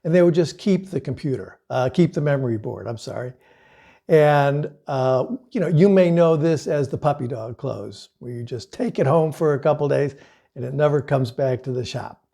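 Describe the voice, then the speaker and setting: A man's voice: medium pitch, moderate pace, vocal fry, dark tone. A middle-aged man and sales coach telling a personal story as a lesson, in an earnest, conversational way with casual fillers.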